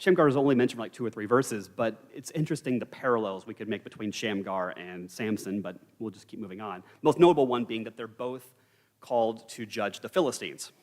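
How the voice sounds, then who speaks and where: A man teaches a Bible study at a middle pitch, talking casually and slipping in dry, wry jokes. His voice carries a long reverb from the church hall around him, as heard on a live stream. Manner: conversational, wry asides and humor.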